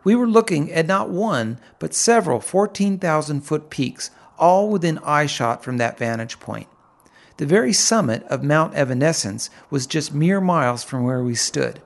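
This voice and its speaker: A middle-aged man narrates a first-person audiobook, his voice a touch higher than most men's. There is a gravelly fry running through his delivery, and he takes his time over each image. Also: animated. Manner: vivid, unhurried, descriptive storytelling.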